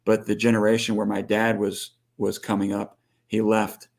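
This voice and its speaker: A rancher speaks earnestly and plainly, with a low-pitched voice. He keeps an easy conversational pace on a livestream. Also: completely flat delivery, normal speed, creaky. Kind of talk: casual chat.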